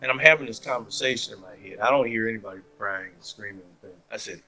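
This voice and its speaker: A man's voice: fairly low pitch, fast, few pauses, bright, forceful tone, soft background music, low-quality recording. A man giving a personal faith testimony as a story, acting out the people he quotes. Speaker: testimony speaker.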